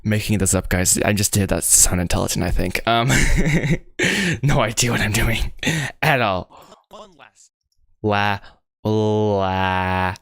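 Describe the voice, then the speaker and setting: A gravelly, breathy-edged voice, fairly low and moderately paced, belongs to a young American man, captured in clean studio sound with no echo. Animating on a livestream, he chats casually and excitably, rambles, jokes about himself, sounds out mouth shapes, and often says "bro" and "guys."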